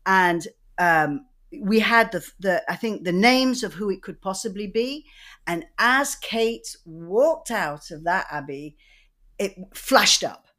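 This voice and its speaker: A woman from Manchester with a Mancunian accent, co-hosting a podcast and telling lively, rambling anecdotes in casual chat. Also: mid-range voice, slow. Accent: Mancunian English. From Manchester, England. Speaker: podcast co-host.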